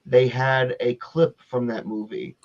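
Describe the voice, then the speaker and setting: A man's voice: mid-range voice, level tone, measured pace, vocal fry. A man in a casual group chat, making wry jokes. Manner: joking, wry asides. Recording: dull lo-fi sound.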